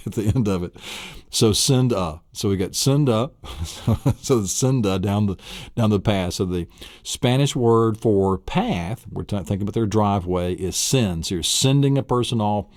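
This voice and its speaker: A man's voice: on the low side, a little mellow, no echo, clean studio sound. A middle-aged man teaching an audio memory lesson, enthusiastic and laughing often. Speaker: memory course instructor.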